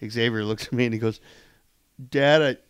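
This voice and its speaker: A man co-hosting a podcast in casual chat, joking in a deadpan, provocative way. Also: mid-range voice, moderate pace, clean tone, dry recording, clean studio sound. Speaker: podcast co-host.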